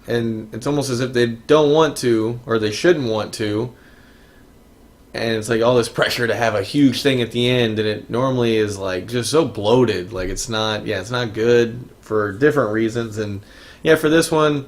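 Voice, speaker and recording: A man's voice: mid-range voice, moderate pace. Rambling man reviewing movies casually. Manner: rambling, many restarts and fillers. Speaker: podcast co-host.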